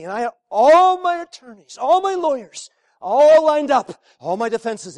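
High-voiced preacher, hushed to shouting. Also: male voice, expressive, moderate pace, dry recording, studio quality. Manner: dramatic swings from hushed near-whispers to shouting; emphatic, repeats phrases for effect. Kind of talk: sermon.

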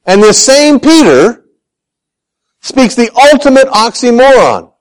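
The recording is low quality, and the preacher's voice is very high-pitched, his pace measured. He acts out quoted voices in lively fashion while telling Bible stories laced with self-deprecating humor.

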